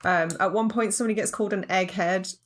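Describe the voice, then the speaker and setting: A woman co-hosting a casual film podcast, giggly and animated. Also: mid-range voice, fast talker. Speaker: podcast co-host. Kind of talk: casual film-review chat.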